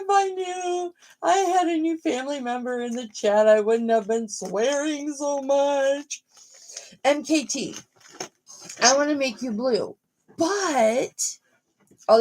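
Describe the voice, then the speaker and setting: A middle-aged woman chatting on a live stream in an unhurried, drawn-out way. Her voice is gravelly and a little husky, sitting somewhat high. She is frank and motherly, and curses freely. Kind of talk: casual live-stream chat.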